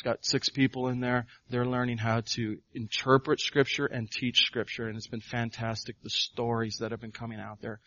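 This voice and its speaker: A man's voice: medium pitch, fairly bright tone, no room sound, lo-fi sound. A male pastor preaching a sermon, firing off rhetorical questions and building to emphatic proclamations.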